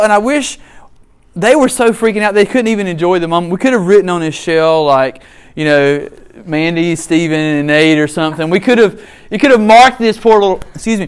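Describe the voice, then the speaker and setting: A man's voice: sits high, smooth. A middle-aged man preaching a sermon, telling stories with humor and asides. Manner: animated storytelling with humor and asides. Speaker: pastor.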